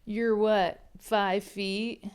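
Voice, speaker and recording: Woman doing a deadpan big werewolf man. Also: mid-range voice, extremely slow, smooth. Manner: flat, little inflection.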